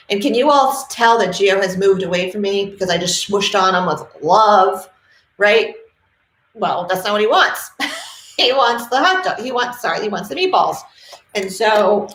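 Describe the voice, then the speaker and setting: A middle-aged woman from New England speaks straight to camera about dogs, animated and passionate. She tells stories and briefly acts out the people in them. The room around her sounds roomy and echoey. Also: lowish voice, a little hiss or hum. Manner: animated, passionate storytelling with acted quotes. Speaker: dog trainer. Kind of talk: casual talk to camera. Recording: roomy echo.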